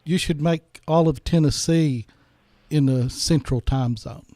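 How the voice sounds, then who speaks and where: A man's voice: on the high side, measured pace, warm tone, no echo. A man in his sixties hosting a radio interview, easygoing and joking, with hesitant ums in his casual chat. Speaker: radio host.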